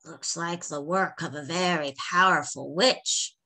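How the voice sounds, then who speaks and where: A woman voicing an old male village medicine man, calm and grumbling, with an unhurried drawl. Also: sits low, heavily acted.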